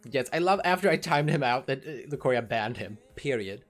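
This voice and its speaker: A woman's voice: very deep voice, lively intonation, brisk, faint music behind. Frank, swearing woman streamer chatting. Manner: frank, swears freely, talks to chat. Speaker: livestreamer. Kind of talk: casual livestream chat.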